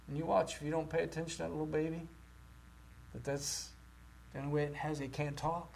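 A man preaching a sermon with great passion, rising to loud cries and dropping to near-whispers. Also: on the high side, level tone, a little fast, gravelly, pauses often. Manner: impassioned, swings from shouting to near-whispers.

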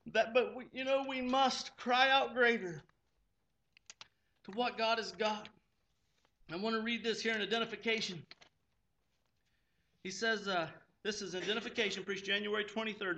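A man's voice: sits high, pushed and bright. A man preaching a sermon at a church service, exhorting fervently and rising to impassioned pleas. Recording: dull lo-fi recording.

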